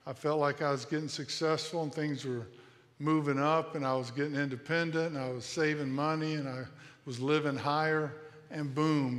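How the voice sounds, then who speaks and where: A man in his late fifties preaches with an earnest, insistent delivery, circling back to the same phrases again and again and sometimes restarting mid-word. His voice sits a little high for a man. It carries a long tail of reverb from a church sanctuary. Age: 50s. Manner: earnest, repetitive exhortation with restarts. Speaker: pastor. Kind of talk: sermon.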